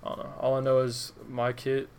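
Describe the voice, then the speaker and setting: A man's voice: mid-range voice, monotone, a little fast, darkish tone, a little hiss or hum. A man hosting a casual group chat, talking in a rambling, hesitant way with many fillers.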